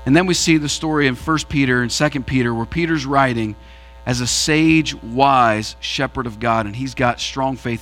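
Male pastor, bright tense tone, dynamic preaching delivery, faint music under. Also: moderate pace. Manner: preaching with sweeping shifts in pitch and pace. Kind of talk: sermon.

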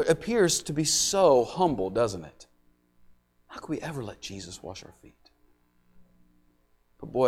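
A man preaching a sermon, swinging between loud, intense passages and quiet, hushed lines. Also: medium pitch. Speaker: pastor.

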